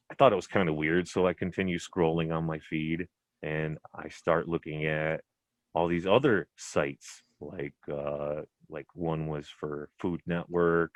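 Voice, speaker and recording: Male podcast host, very low voice, dry close sound, rambling casual delivery. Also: no echo. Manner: rambling, swears freely, restarts sentences. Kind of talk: casual chat.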